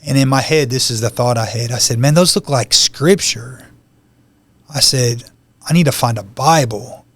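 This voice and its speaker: A man's voice: mid-range voice, normal speed. A man telling his personal testimony as a podcast guest, in a conversational storytelling manner that acts out the lines of the people in it.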